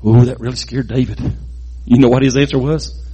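A man telling a Bible story in a lively, folksy way, adding sound effects and jokes. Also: mid-range voice, brisk, husky.

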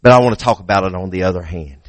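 A man's voice: deep voice, very fast, no echo. A male pastor preaching a sermon in a church, emphatic, repeating words as he restarts and building to raised peaks.

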